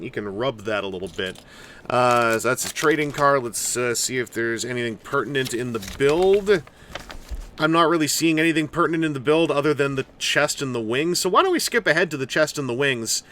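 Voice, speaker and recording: Unboxing and putting together a collectible toy, this reviewer offers rambling, casual commentary peppered with jokey asides. His voice is fairly high and a bit bright.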